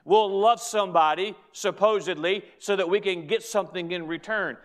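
Middle-aged male pastor with a high voice, emphatic preaching style. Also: moderate pace, a bit bright. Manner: emphatic preaching with repeated phrases. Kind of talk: sermon.

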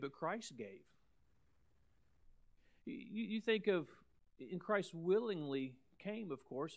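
A man preaching a sermon as pastor, emphatic, repeating words and swinging between loud and soft. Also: on the high side.

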